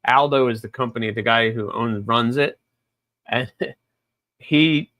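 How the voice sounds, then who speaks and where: A man co-hosting a live chat, laid-back and halting, often searching for his words. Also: medium pitch, fairly bright tone. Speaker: co-host and knife sharpener.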